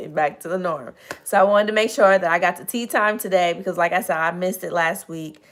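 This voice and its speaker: A woman hosting a casual motivational livestream, chatty and earnest, slightly hoarse, greeting viewers by name as she talks. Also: fairly low pitch, steady tone, a little fast, a bit bright. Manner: earnest, encouraging, addresses audience as y'all. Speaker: livestream host.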